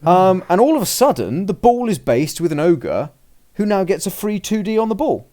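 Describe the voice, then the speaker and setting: A man's voice: sits high, sing-song, normal speed, dark tone. A man in casual chat, recounting a tabletop game turn by turn in a rambling way, often restarting and acting out what he and his opponent said. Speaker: podcast host recounting a game. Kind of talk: casual chat, play-by-play recap.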